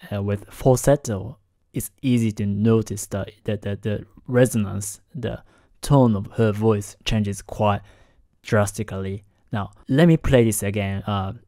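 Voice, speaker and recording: A man hosting a lesson on singing technique, explaining in a careful, halting way and keeping his voice down because it is late at night. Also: lowish voice, dark tone, no echo. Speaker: host analyzing singing technique. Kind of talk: explanatory commentary.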